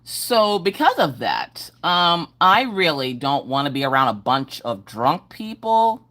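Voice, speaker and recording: Middle-aged lady live streaming from home, slightly low voice, bouncy sing-song hellos to chat. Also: very animated, measured pace, fairly bright tone. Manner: upbeat, sing-song greetings. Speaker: livestream host. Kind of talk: casual livestream chat greeting viewers.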